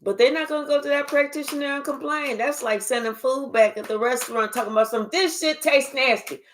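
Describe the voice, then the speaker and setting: A woman giving a casual spiritual reading, talking in an animated, profane way and acting out quoted voices. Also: high voice, fast. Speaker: spiritual reader. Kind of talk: casual live reading monologue.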